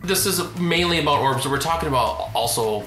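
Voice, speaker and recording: Bright-voiced man in an echoey room. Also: fairly high pitch, lively intonation, brisk, faint music behind. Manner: hesitant, searching question. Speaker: podcast co-host asking questions. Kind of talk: casual podcast talk.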